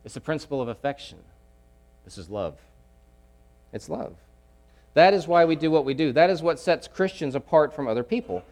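A man preaching a sermon, emphatic, repeating key phrases and swinging between loud pushes and hushed asides. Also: fairly high pitch, lively intonation, normal speed, pauses often.

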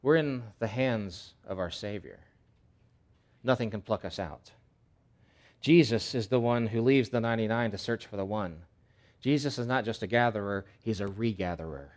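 Animated, conversational male preacher. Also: on the low side, moderate pace. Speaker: pastor. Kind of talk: sermon.

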